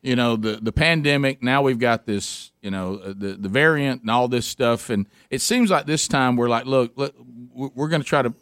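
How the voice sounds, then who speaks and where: A man's voice: medium pitch, moderate pace, hardly any pauses, a bit bright, clean tone, dry recording, studio quality. A man hosting a casual interview, eager and repeating words as he gets his thoughts going. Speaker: host.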